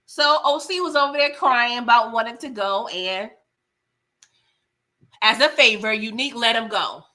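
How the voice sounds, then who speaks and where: A woman hosting a casual live-stream TV recap, animated and laughing as she talks back to the characters. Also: a little high, normal speed. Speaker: TV recap host.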